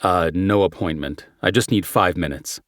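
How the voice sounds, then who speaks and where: A man's voice: low voice, normal speed, a bit bright, no room sound, clean studio sound. A man voicing a weary male police sergeant who talks plainly and matter-of-factly.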